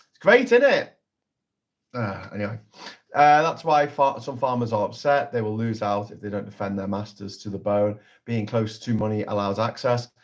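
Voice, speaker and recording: A man hosting a casual political livestream, talking in a sarcastic, sweary, rambling way. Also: mid-range voice.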